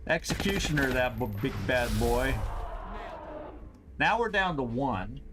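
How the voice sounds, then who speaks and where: A man hosting a game stream, thinking aloud through his moves, tallying enemies and cheering loudly at big shots. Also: mid-range voice, lively intonation, a little slow, pauses often, noisy background. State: has the hiccups. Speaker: host. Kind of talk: gameplay commentary.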